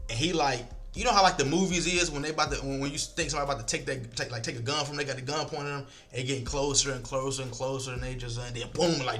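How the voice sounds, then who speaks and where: A man in the middle of his pitch range, telling a story in a loose, casual way. He acts out what everyone said and swears freely. Soft music plays faintly behind him. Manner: animated, acts out quoted lines, swears freely.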